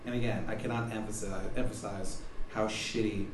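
A man hosting a podcast, building up a comedic hypothetical in a deadpan way and laughing at his own bits. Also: lowish voice, moderate pace. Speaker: podcast host. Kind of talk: casual comedic storytelling. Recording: echoey room, mic at a distance, faint noise.

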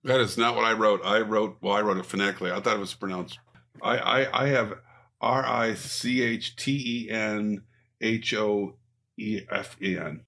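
A man's voice: fairly low pitch, fairly even intonation, moderate pace, bright, forceful tone. A man competing in a trivia game with friends, joking and laughing often. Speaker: quiz contestant. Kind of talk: casual chat.

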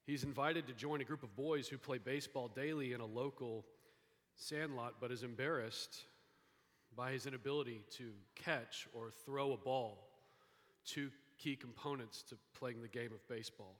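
A man preaches to his church, bright and forceful in tone. He tells the story with dips into hushed lines and lifts into lively emphasis. His voice carries a long reverb from the sanctuary. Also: medium pitch, moderate pace. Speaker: pastor. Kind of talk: sermon. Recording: hall reverb.

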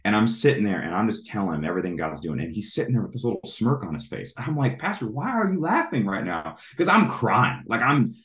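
Deep-voiced man telling his testimony. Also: fast, few pauses, echoey room. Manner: animated, acts out his own reactions in high bursts. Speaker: traveling evangelist. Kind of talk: testimony storytelling.

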